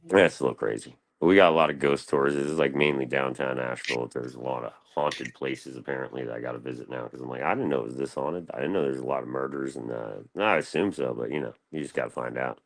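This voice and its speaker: A young man with a drawl and an extremely low, deep voice. He rambles through casual stories in a slangy, loose way, full of fillers and asides. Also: fast, few pauses. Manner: laid-back, slangy, loose storytelling with lots of fillers. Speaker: guest on a live panel stream.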